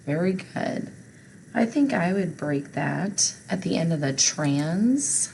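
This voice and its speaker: A woman's voice: sits low, a little mellow, a little hiss or hum, low-quality recording. A woman teacher leading a phonics spelling lesson for children, patient and encouraging.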